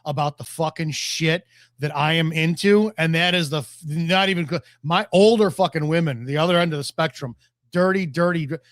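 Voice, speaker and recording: A man's voice: a little high, normal speed, a bit bright, no room sound, clean studio sound. A man in his forties, a podcast guest telling blunt, profane stories in casual chat.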